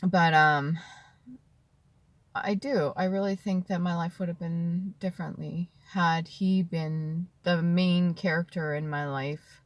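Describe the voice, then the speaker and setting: A woman in her thirties telling an emotional personal story to the camera, tearful and heartfelt, dropping at times to a soft whisper. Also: on the low side, steady tone, takes it slowly, no room sound. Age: 30s. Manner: tearful and heartfelt, drifting between soft whispers and earnest talk. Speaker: vlogger.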